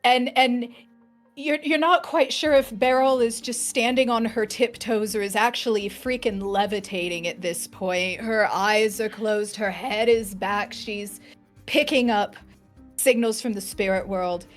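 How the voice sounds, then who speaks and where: A woman playing a tabletop role-playing game, describing her character casually and playfully. She talks at a slow pace over light music. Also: on the high side, fairly even intonation. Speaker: player.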